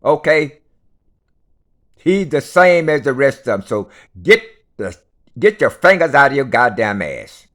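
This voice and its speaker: A man's voice: medium pitch, sing-song, a little slow, pauses often, fairly bright tone. A man delivering an unscripted rant, blunt and profane, lecturing his listeners and hammering each point home with repetition.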